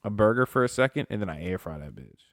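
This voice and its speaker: A man's voice: on the low side, quick pace, no room sound. Young male podcast co-host, casual profane storyteller, dry close mic. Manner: profane, animated storyteller who acts out voices. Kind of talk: casual chat.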